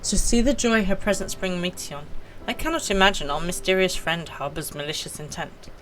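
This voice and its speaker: A woman reading out the lines of a calm, formal male scholar in a measured way. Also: lowish voice, a little hiss or hum, lightly acted, rough recording. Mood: composed.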